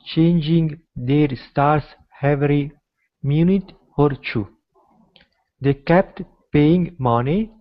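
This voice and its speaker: A man reading a rhyming story aloud slowly and carefully as a student in a lesson. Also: fairly high pitch, muffled recording.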